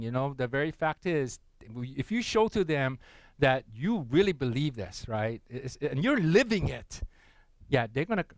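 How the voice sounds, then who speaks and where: A fairly high-voiced man preaching a sermon in a relaxed, conversational way. He keeps checking in with his listeners and chuckles at his own jokes. The sound is dry and close. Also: no room sound, low-quality recording. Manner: conversational, often asks the congregation "right?"; tells a joke with acted voices. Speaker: pastor.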